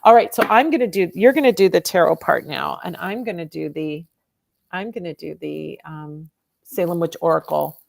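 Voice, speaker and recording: Gravelly low-voiced woman reading tarot. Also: moderate pace, no room sound. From California. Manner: chatty, encouraging, gives advice. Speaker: tarot reader, host. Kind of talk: casual livestream tarot reading.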